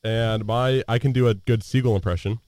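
A young man in his twenties from Colorado, a student co-host, teasing with quick asides and laughter. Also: mid-range voice, steady tone, darkish tone, no room sound. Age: 20s. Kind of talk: casual chat.

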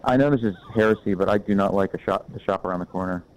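A man's voice: low voice, quick pace, slight background noise, poor audio. A man bluntly giving his opinions in a casual chat about old films. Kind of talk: casual film discussion.

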